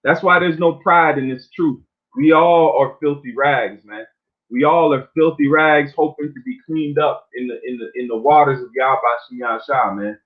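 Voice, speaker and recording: A man preaching an informal sermon, reading scripture slowly and then talking it over loosely, often ending lines with "man.". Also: fairly high pitch. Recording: phone-like narrow sound.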